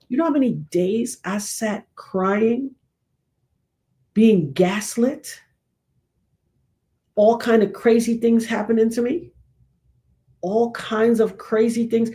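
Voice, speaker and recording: Animated woman preaching to her audience. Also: mid-range voice. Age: middle-aged. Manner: animated preacherly, acts out quotes. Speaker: show host. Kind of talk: casual commentary monologue.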